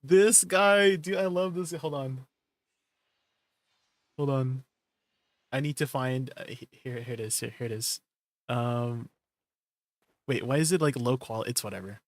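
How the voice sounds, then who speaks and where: A man live-streaming, chatting casually with his viewers, playful and quick to laugh. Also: medium pitch, dry recording. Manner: playful, laughs often, talks to chat.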